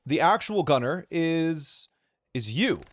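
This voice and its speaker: Excitable man thinking aloud. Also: on the high side, takes it slowly, no room sound. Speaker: streamer. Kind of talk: live gameplay commentary.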